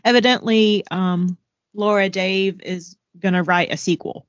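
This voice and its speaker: A woman with a mid-range voice chats in a relaxed, matter-of-fact way as a podcast co-host. Her mic sounds dry and close, with a slightly dull, lo-fi tone. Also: mid-range voice, a little slow, dry recording. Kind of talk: casual chat.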